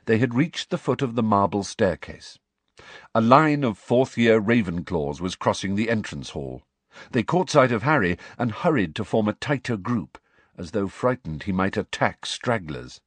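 Male storybook narrator, low voice, very lively reading, dry close sound. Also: normal speed, breathy edge, no echo. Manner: expressive storybook reading, voicing each character. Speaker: audiobook narrator. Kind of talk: scripted narration.

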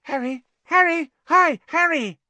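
A man voicing an eager young schoolboy who hero-worships a classmate, calling out excitedly. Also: extremely high pitch, measured pace, dry recording, pitched above the performer's own voice, full character voice.

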